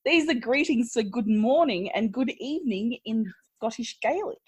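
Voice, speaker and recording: A woman's voice: on the high side, animated, moderate pace, husky. An Australian woman co-hosting a podcast, joking around in casual chat. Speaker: podcast co-host.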